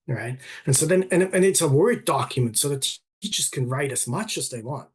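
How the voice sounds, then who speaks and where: Husky-voiced man giving an online talk. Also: medium pitch, expressive, normal speed. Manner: hesitant, many restarts and fillers. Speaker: academic presenter. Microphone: video call.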